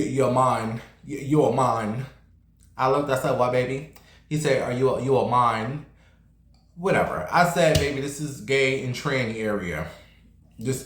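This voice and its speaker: A man telling a story in a casual vlog, in a sassy, blunt, animated way. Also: mid-range voice, echoey room.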